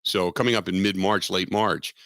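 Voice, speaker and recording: A man's voice: deep voice, steady tone, normal speed, a bit bright, clean tone, no room sound, clean studio sound. A man from Southwestern Ohio hosting a sports radio show, rambling in casual chat and repeating himself with self-deprecating asides. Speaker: radio sports talk host. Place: radio studio.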